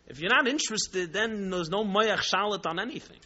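A man teaches a religious class and tells stories with emphatic, rhetorical repetition. His voice is high and bright, and his delivery is animated. The recording sounds muffled and lo-fi. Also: a little fast. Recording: dull lo-fi recording.

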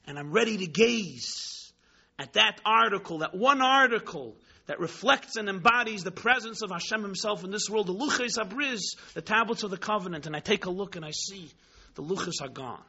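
A man telling a story in a sermon, dramatic, swinging between hushed tones and exclamations, mixing in Hebrew and Yiddish terms. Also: high voice, animated, moderate pace, slightly rough. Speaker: rabbi teaching Chassidus. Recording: dull lo-fi recording.

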